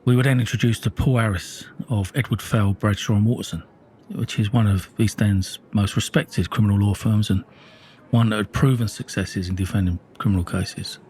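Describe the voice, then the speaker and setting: A man's voice: lowish voice, steady tone, normal speed, a little mellow, slight background noise. A middle-aged man telling a raw first-person true-crime story, blunt and intense, with heavy swearing.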